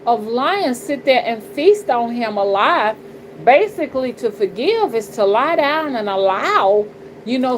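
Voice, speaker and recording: A middle-aged woman talks bluntly and profanely in a casual livestream, preaching her views and often asking "you understand?". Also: on the high side. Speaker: spiritual reader and channel host. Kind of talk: casual livestream talk, greeting chat. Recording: noticeable background noise.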